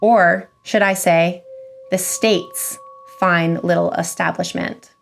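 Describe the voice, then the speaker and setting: A woman voicing a gruff, stern male government agent with an American Western drawl, talking slowly and bluntly. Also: on the low side, fairly even intonation, faint music behind. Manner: slow, blunt and commanding.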